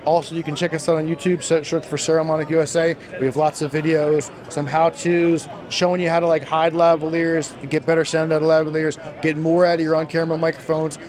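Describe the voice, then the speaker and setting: A man's voice: completely flat delivery, a little mellow. A man, a brand marketing manager, enthusiastically demonstrating products at a trade show while he is losing his voice. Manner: enthusiastic, fast product pitch.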